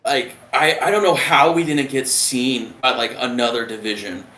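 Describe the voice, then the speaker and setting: Guy rambling thru a navy story, lots of swearing, mid pitch, echoey room. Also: moderate pace. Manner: animated, profane, rambling. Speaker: retired submariner guest. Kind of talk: casual storytelling. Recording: roomy echo.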